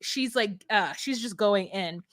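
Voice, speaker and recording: A woman's voice: medium pitch, a little slow, no room sound, studio quality. A young woman co-hosting a casual recap chat, laughing often and acting out what people said. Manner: laughing, animated, acts out quotes. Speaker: podcast co-host.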